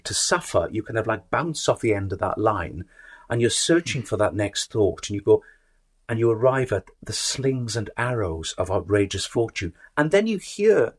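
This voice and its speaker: A man's voice: fairly low pitch, sing-song, moderate pace, breathy edge. A man speaking as an interview guest, thoughtful, often restarting and repeating words as he reaches for ideas. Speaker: actor and author, guest. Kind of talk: conversational interview.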